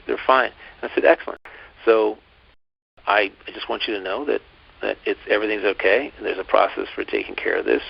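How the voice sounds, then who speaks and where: A man co-hosting a podcast, calmly telling a personal story in casual chat, with many restarts and asides. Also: lowish voice, gravelly, breathy edge. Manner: calm, reflective, lots of restarts and asides. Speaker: podcast co-host. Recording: dull lo-fi podcast audio.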